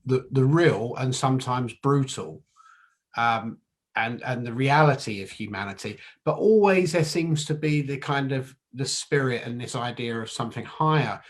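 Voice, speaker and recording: A man's voice: mid-range voice, moderate pace. A man hosting a casual conversation, talking hesitantly with many restarts and fillers. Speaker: podcast host.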